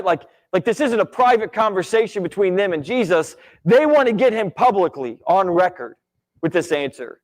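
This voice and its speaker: A man teaching a Bible class at church in a casual, conversational way, often checking in with "right?". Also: high-pitched. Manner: conversational, many "right?" and "like" asides.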